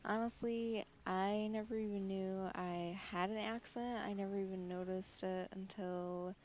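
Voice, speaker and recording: A woman's voice: medium pitch, fairly even intonation, darkish tone, a little hiss or hum. A young woman from Michigan with a Michigan accent, talking casually to camera in a vlog, nasal on her short O sounds, running her words together with lots of "like". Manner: fast, run-together speech with many "like" fillers. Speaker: vlogger.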